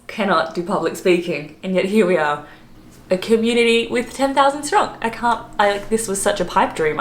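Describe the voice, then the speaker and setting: A woman's voice: medium pitch, echoey room. A young Australian woman chatting casually to her vlog audience, bubbly and self-mocking, laughing often. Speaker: vlogger.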